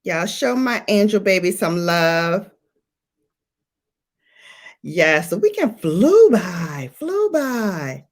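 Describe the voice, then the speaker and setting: A woman hosting a beauty livestream, chatting playfully and greeting viewers by name. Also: fairly low pitch. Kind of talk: casual livestream chat.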